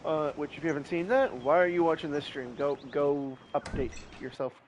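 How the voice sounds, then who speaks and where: A man rambles through a casual game live stream, muttering to himself and humming along. His voice sits a touch high. Clear noise and clicks from the mic run under everything. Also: normal speed. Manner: rambling, talks to himself, hums.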